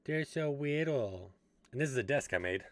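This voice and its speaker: A young man streaming, chatting casually with viewers in a relaxed, rambling way. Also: mid-range voice, moderate pace, no echo.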